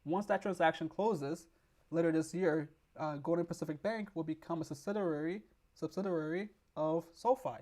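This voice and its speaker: A man hosts a stock market video while hoarse from losing his voice, rambling and restarting as he reads news off the screen and explains it in a casual way. His voice is a little high and dark-toned, at a moderate pace.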